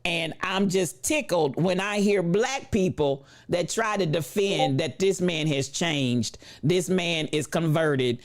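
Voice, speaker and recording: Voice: medium pitch, slow, hardly any pauses. A host with delivering preachy, emphatic reaction commentary, often turning to the viewers directly.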